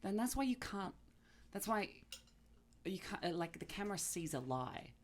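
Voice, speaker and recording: An Australian woman chatting as a podcast guest, animated and expressive, swearing freely into a podcast microphone. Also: medium pitch, moderate pace. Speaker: guest actor. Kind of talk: casual podcast chat.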